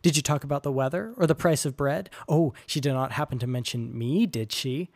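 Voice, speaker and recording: A man voicing a skinny, timid male barber with a high, nasal voice who stammers when flustered. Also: fairly quick, lightly acted. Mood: eager.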